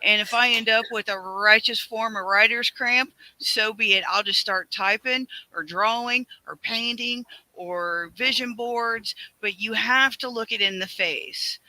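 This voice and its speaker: A man's voice: high-pitched, measured pace, few pauses, sharp tone, rough recording. A man in a group discussion, talking earnestly and reflectively in a casual chat.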